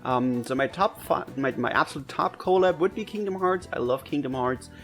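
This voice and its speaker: A man from Germany with a German accent, casually answering viewer questions for his gaming channel, chatty and quick to laugh, his pitch jumping up when excited. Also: soft background music. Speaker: gaming video creator.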